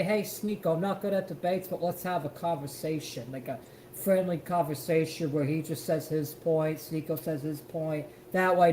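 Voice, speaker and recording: A man hosting a podcast, reacting to a clip with loud, profane, heated rants. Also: a little high, slight background noise. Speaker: podcast host. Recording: roomy echo with faint ambience.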